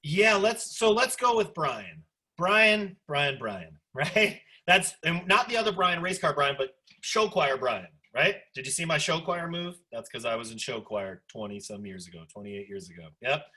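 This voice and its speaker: A man in his forties teaching a sociology class over a video call, animated and chatty, full of asides. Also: on the high side, moderate pace, breathy edge. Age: 40s. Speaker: sociology instructor. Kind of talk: online class discussion lecture.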